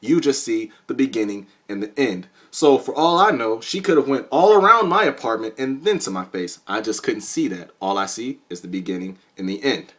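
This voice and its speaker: Lively young man telling a wild tale. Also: mid-range voice, a little fast, few pauses. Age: young adult. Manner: animated, jokey, conspiratorial. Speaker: vlogger. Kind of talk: comedic storytelling vlog.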